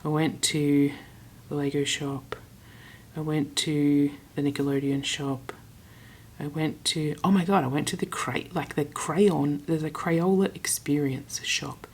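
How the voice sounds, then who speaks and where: A young Australian woman chatting casually in a travel vlog, retelling her conversations with quick asides. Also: deep voice, steady tone, darkish tone, breathy edge. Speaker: travel vlogger.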